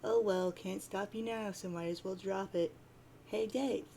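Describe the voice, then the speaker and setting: A woman reading as a teasing blind troll girl, cocky, gravelly edge, read straight from a chat log. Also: mid-range voice, steady tone, a little slow, mellow, slight background noise. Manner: reading chat lines aloud in a near-plain voice.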